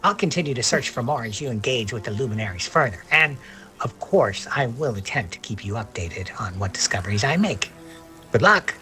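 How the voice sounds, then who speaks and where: A woman's voice: extremely low pitch, expressive, brisk, bright, forceful tone, soft background music, pitched below the performer's own voice, heavily acted. A woman putting on a nerdy, fussy male scholar. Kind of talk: reading game text aloud in a put-on voice.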